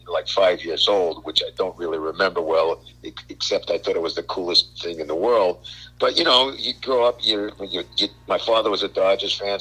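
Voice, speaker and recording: An older man from Brooklyn, a guest on a radio talk show, telling animated stories and stumbling over repeated words. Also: deep voice, breathy edge, low-quality recording. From Brooklyn, New York. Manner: animated storyteller, repeats words, acts out quotes. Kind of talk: casual radio chat.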